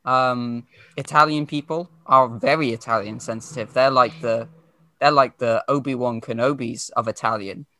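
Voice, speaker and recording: A young man co-hosting a casual podcast, reading out listener questions and answering them with deadpan jokes and frequent laughter. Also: medium pitch, normal speed, no echo. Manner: joking, deadpan, laughs often.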